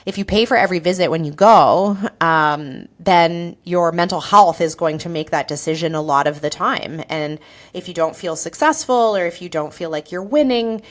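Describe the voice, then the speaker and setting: A woman's voice: on the low side, normal speed. A woman who is a naturopathic doctor and podcast host, talking alone in an earnest, conversational way and often checking in with "right?". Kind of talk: solo podcast monologue.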